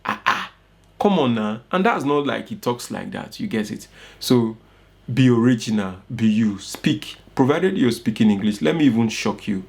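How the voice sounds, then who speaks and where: A man's voice: medium pitch, animated, moderate pace, vocal fry, darkish tone. A young man with a Nigerian accent teaching an informal online course, coaching his listeners and often checking "you get it?". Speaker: course instructor.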